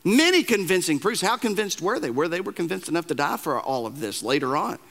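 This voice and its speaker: A man's voice: fairly high pitch, very animated, quick pace, creaky, fairly bright tone. A man preaching a sermon as pastor, telling stories with self-deprecating humor and often repeating words as he starts a sentence.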